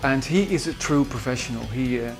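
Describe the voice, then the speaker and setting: A man with a Dutch accent, a musician recalling studio sessions in a halting way with many fillers. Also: mid-range voice, over music. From Netherlands. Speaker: musician and producer. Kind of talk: behind-the-scenes recollection.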